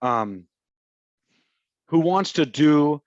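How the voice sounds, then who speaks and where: A man's voice: a little high, lively intonation, extremely slow, no room sound. A man from Houston, coaching real estate agents in a casual, slangy way and acting out phone calls. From Houston, Texas. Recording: slightly muffled dry recording.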